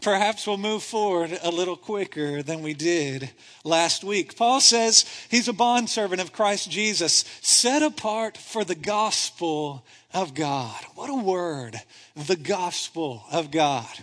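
Pastor, male, high-pitched voice, animated conversational sermon delivery, lots of "right?", in a church with long reverb. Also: slow. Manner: animated, conversational preaching with rhetorical questions. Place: church sanctuary. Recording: reverberant hall.

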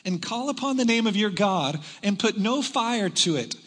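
A man preaching a sermon to a large congregation, retelling a story with dramatic swings between shouting and hushed tones. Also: high-pitched, animated, moderate pace, big-room sound. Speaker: pastor. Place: large church hall.

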